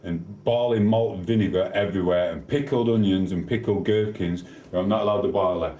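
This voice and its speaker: His voice sits low and mellow and runs a little fast, with the accent of South Yorkshire, England. On a live stream in an echoey room, he rambles along in casual chat, trading cheeky banter with the comments.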